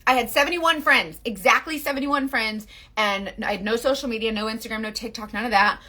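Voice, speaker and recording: A woman's voice: on the high side, a little fast, bright, forceful tone. A woman in her forties chatting casually and rambling about leading a makeup sales team, full of "like" and asides. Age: 40s. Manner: rambling, full of "like" and self-interruptions.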